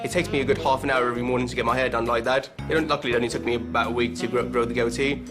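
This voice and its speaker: A man's voice: medium pitch, flat delivery, very fast, over music. A man from England, cheeky and playful, talking about his audition on a talent show. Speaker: auditioning singer.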